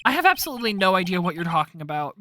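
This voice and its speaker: A woman voicing a weary young male lawyer who talks flat and deadpan. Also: on the low side, very fast, slight background noise. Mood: groggy.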